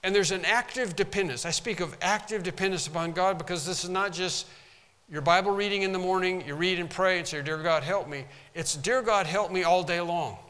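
Emphatic preacher man, bright. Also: sits high, brisk, big-room sound. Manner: emphatic preaching, pounds the pulpit. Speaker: pastor. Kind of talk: sermon. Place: church sanctuary.

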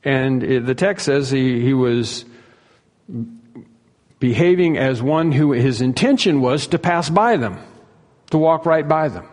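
A man's voice: mid-range voice, animated, a little slow, pauses often, darkish tone. A man preaching an expository sermon in earnest tones, repeating key phrases for emphasis. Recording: long reverb of a large hall.

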